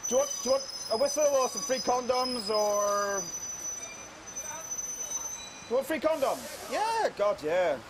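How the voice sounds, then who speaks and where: A man's voice: extremely high pitch, big pitch swings, measured pace, pauses often, noisy background. A man with a Northern Irish accent, bantering cheekily with a crowd from an outdoor square. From Northern Ireland. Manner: cheeky, teasing, joking. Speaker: public art participant addressing a crowd. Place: outdoors in a large public square.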